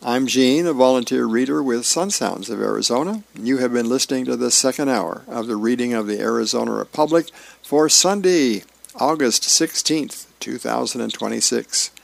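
Gravelly, relaxed volunteer radio reader. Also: male voice, medium pitch, normal speed, dry recording. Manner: relaxed, folksy reading with small slips and self-corrections. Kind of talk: reading newspaper comics and birthdays aloud.

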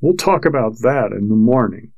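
A man reading a novel aloud, voicing a drunken husband whose slow, fuzzy speech turns shaky with fury. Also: medium pitch, animated, a little mellow, dry recording, muffled recording. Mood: slurred. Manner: slurred and slow, then shaking with fury. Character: drunken, violent frontier husband, grown man. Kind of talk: audiobook character voice.

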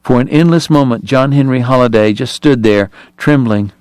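A man hosting a radio book reading, narrating in a measured, expressive way. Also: medium pitch, clear, resonant tone, dry recording. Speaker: radio book reader and host. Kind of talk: dramatic audiobook reading on radio.

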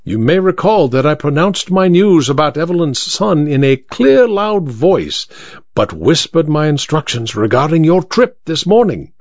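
A shrewd Victorian detective, played by a man, bland and utterly sure of himself, with a fairly high voice that rises and falls a lot. The recording is dry and somewhat dull. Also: sing-song, unhurried, a little mellow, dry recording, heavily acted. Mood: explaining. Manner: crisp, bland and self-assured.

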